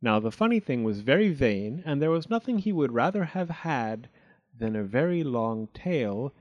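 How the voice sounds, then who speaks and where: A man reading a children's storybook aloud in an expressive, animated way. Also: mid-range voice, moderate pace, lo-fi sound.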